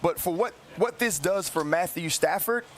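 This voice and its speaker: A man's voice: high voice, moderate pace, a bit bright, faint music behind. A man speaking earnestly in a commentary clip, reflecting on a player's career. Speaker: sports commentator.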